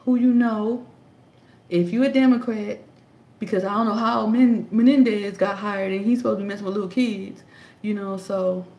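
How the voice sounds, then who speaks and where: The sound is lo-fi and echoey as a woman in her thirties offers casual political takes into a tablet. Her mid-range voice keeps a steady tone at a moderate pace while she sarcastically hammers home points with rhetorical questions.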